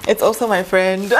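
Young South African woman, vlogger, slow unhurried delivery, effusive and grateful, noisy home recording. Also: mid-range voice. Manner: gushing, emotional and grateful. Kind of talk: casual unboxing vlog.

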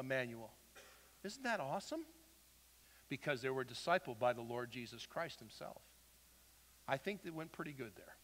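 A man preaching a sermon as pastor, swinging from loud exhortation to quiet asides and acting out quotes. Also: medium pitch. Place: church sanctuary. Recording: long hall reverb.

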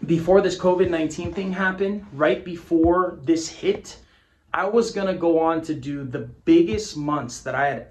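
Male business coach, slightly high-pitched, blunt and emphatic motivational delivery to camera. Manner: punchy, emphatic, repeats phrases, swears casually. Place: indoor office with a whiteboard. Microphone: camera mic.

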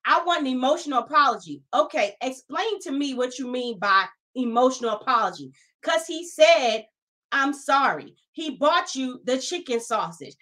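Woman, high-pitched, emphatic, exasperated, casual podcast talk. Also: unhurried. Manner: animated, emphatic, exasperated commentary. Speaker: podcast co-host. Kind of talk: casual reality-TV discussion.

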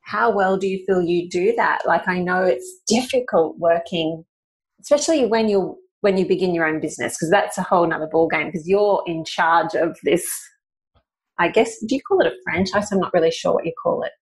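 A woman hosts a casual interview podcast, thinking aloud and asking questions. Her voice sits a little low, and she is encouraging and laughs easily. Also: normal speed. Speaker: podcast host.

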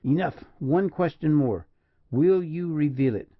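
A man's voice: a little high, lively intonation, measured pace, dry recording, pitched above the performer's own voice. Guy reading as a stern cold general barking orders, bit dull audiobook sound. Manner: commanding, harsh interrogation. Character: stern, cold Mexican general, middle-aged man.

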